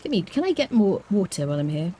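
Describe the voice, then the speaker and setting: Lively Scottish woman streaming a game. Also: mid-range voice, fast talker. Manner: playful, chatty, hums and chats to viewers; clear careful enunciation. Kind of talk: casual live-stream gameplay commentary.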